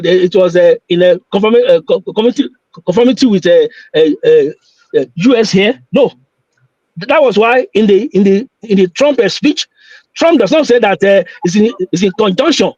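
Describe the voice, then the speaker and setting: A man's voice: high voice, darkish tone, no room sound. Insistent man, lo-fi call. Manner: insistent, repeats himself, stumbles over words. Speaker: caller. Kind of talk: call-in chat on a live show.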